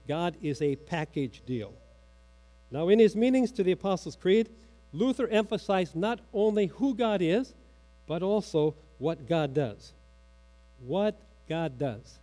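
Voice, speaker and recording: With a warm tone and a voice that sits high, this male pastor works through his sermon by asking questions and quoting the catechism. For emphasis, his voice falls dramatically.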